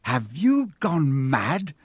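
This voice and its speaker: A man's voice: a little high, lively intonation, moderate pace, darkish tone, breathy edge, dry recording, studio quality. Ron, a man playing a sarcastic young boy.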